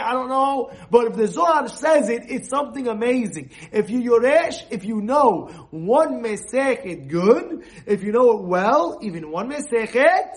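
A man giving an informal sermon, animated and full of restarts, breaking into shouted quoted voices. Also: high-pitched. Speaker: rabbi giving a talk. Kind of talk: informal sermon with acted examples.

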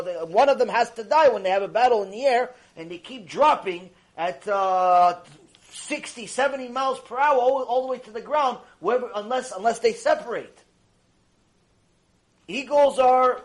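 A man teaching a religious lecture, telling a story in an animated way and repeating phrases for emphasis. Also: very high-pitched.

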